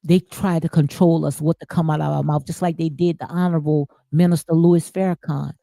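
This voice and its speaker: A woman's voice: deep voice, fairly even intonation, a little fast, creaky, warm tone, dry recording. A woman giving impassioned spiritual commentary, preachy and emphatic, repeating phrases for emphasis. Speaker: commentary host.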